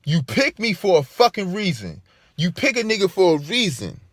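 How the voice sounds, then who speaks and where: A man talking straight to the camera in a fired-up monologue, his pitch a little high and swinging widely as he presses each point. He swears freely and circles back on the same phrases for emphasis. The sound is dry and close, with no room echo. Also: sing-song, normal speed. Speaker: vlogger.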